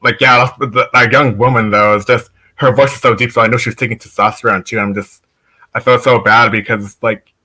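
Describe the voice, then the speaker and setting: Bright-voiced man chatting as a guest. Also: medium pitch, fairly even intonation, fairly quick. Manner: chatty, lots of "like", laughs while telling stories. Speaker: podcast guest. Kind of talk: casual conversation.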